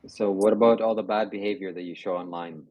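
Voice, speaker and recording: Man, low voice, pressing questions, dull lo-fi sound. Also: steady tone, fast, a little hiss or hum.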